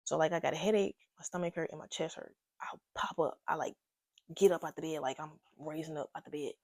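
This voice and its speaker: A young woman telling a casual storytime to her viewers, animated and slangy, talking straight to the camera. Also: deep voice, a little fast, no room sound, studio quality. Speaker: vlogger. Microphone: own microphone.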